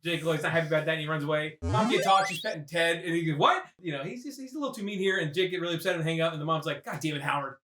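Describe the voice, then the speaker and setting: A man recapping a movie for laughs, rambling and swearing, breaking into shouted impressions. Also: a little high, very fast, few pauses, roomy sound, background noise. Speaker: podcast host.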